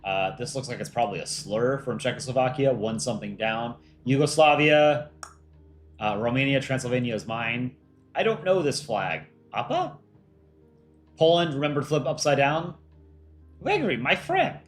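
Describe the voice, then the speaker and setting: A man in the middle of his range hosts a relaxed livestream, reading out fan entries one by one. He reacts with dry little jokes as he goes. Faint music plays underneath, with keyboard clicks now and then. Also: medium pitch, a little fast. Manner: chatty, reads out entries and reacts with light jokes. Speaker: livestream host judging fan art. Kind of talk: casual livestream commentary.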